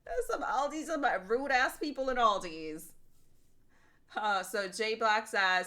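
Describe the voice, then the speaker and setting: Bright, animated woman streamer. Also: on the high side, takes it slowly. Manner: animated storytelling, profane. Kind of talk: casual livestream chat.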